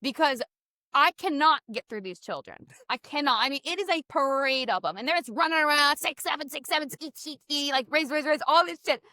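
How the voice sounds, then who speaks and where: High bright-voiced woman podcast host. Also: a little fast, dry recording, clean studio sound. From American South. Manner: animated storytelling, swears freely. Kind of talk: casual podcast chat.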